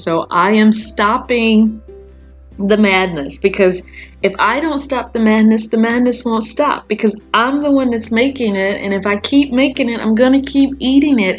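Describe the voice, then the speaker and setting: A woman's voice: on the high side, moderate pace, faint music behind. A woman hosting her own podcast, chatting casually and rambling, with frequent fillers and laughs. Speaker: podcast host. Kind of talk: casual solo podcast chat.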